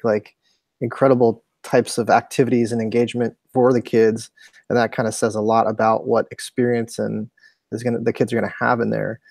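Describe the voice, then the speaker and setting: A man co-hosts the interview and thinks aloud in a reflective, hesitant way, with fillers. His voice sits at a middle pitch. The recording is dry and close. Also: a little mellow, no echo. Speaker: co-host. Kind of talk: podcast interview questions.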